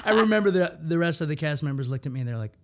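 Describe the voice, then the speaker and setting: A man in his thirties, an improviser, telling stories in a casual interview and acting out quoted lines in a higher voice. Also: rapid-fire, crowd noise. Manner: animated storyteller, acts out quotes in a higher voice. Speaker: improviser guest.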